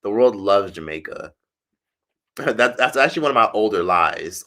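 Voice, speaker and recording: A man's voice: big pitch swings, fairly quick, sharp tone. A man with an American accent chatting casually on a livestream, reading comments from his chat and answering them in a chatty, profane way with frequent laughs. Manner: chatty, profane, laughs often, mimics others in high voices. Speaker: streamer reading live chat. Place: indoors in Algeria.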